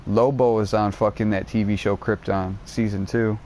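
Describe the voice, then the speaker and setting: A man streaming a game, rambling in casual chat and retelling a show in an excitable, foul-mouthed, slang-heavy way. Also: fairly low pitch, normal speed, a little hiss or hum. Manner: profanity-laden, excitable storytelling, heavy slang.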